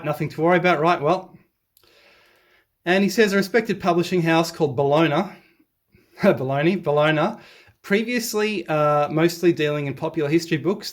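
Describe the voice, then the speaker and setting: A man reading an article aloud and rebutting it as a history commentator, excitable and sarcastic, with sudden jumps in pitch when he stresses a point.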